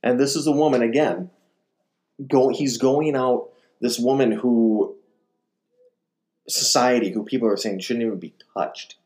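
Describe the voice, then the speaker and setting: A man's voice: mid-range voice, unhurried, pauses often. A man giving a conversational sermon, retelling gospel stories in a casual way and acting out the quotes. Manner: animated, acts out quotes, casual fillers. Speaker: ministry speaker.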